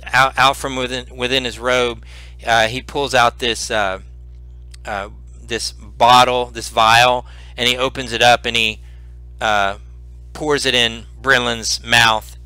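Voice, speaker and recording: A man narrating as game master in a tabletop game, halting with many fillers. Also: medium pitch, level tone, bright, forceful tone, clear, resonant tone, no echo, soft background music.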